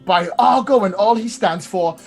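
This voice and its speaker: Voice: mid-range voice, moderate pace, creaky, over music, lightly acted. A player voicing a harried older brother who runs a shop and talks in a fussy, exasperated way. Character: harried older brother, busy innkeeper-alchemist.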